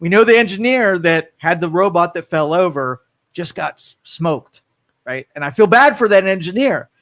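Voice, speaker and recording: A male talk radio host with a fairly high voice, rambling through opinions in loose, casual talk. He drifts from point to point, restarting sentences and tossing in asides. His delivery is chatty and animated. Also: moderate pace.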